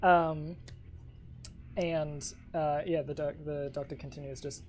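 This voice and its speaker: Lady game master, low voice, lots of ums and restarts, bit of hiss behind. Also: steady tone, takes it slowly, a little mellow. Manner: hesitant, many ums and restarts, giggly. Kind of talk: narrating a tabletop game.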